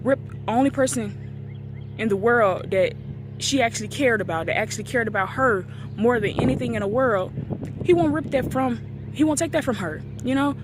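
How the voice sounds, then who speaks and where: A woman's voice: a little high, expressive, moderate pace, background noise. A woman in her twenties tells a painful personal story in a casual vlog, recorded outdoors near a street. She acts out the things people said to her. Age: 20s. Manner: emotional, acts out quoted dialogue. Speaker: vlogger.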